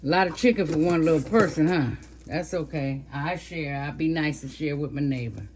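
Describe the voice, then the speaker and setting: A woman's voice: low voice, moderate pace, background noise. A woman over fifty, chatting casually to viewers as she seasons and fries chicken. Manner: chatty, talks to viewers while cooking. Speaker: cooking vlogger. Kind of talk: casual cooking vlog.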